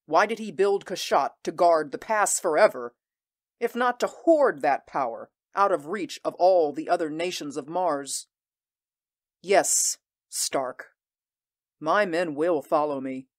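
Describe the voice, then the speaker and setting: A proud warrior queen speaks in a somewhat low, unhurried voice, as a woman acts her out. She sounds intense and commanding, weighing each word. Her ambition and iron pride carry through a radio-drama style reading. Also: animated. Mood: proud, fierce. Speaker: voice actor. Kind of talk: audio drama acting.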